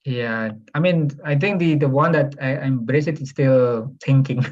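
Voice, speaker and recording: A man's voice: medium pitch, unhurried, darkish tone, highs cut off. A man with an Indonesian accent, speaking as a faculty panelist and searching hesitantly for his words. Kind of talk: academic panel discussion.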